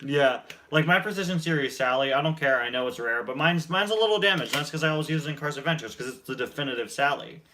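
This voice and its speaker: A young man hosting a casual chat, enthusiastic and quick to laugh. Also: on the high side, lively intonation, bright, forceful tone, slight background noise. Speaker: host.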